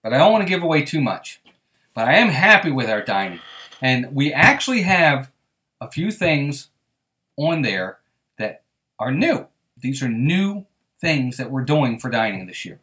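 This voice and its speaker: A man's voice: medium pitch, big pitch swings, a little slow, bright, forceful tone. A man hosting a casual live stream, chatting and greeting viewers by name as he reads their comments. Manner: friendly, reassuring tone with viewers.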